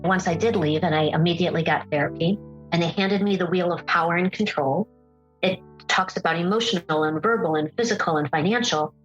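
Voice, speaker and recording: A woman speaking as a podcast guest, telling a personal story in an earnest, emphatic way and slowing down on key phrases. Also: fairly low pitch, lo-fi sound, faint music behind.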